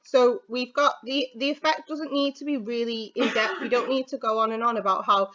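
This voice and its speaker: Chatty British teacher, slightly high voice. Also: female voice, steady tone, fairly quick, few pauses, bright, forceful tone. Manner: chatty, informal, thinks aloud with fillers. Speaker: English teacher. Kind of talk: recorded video lesson. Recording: slightly dull, lo-fi audio.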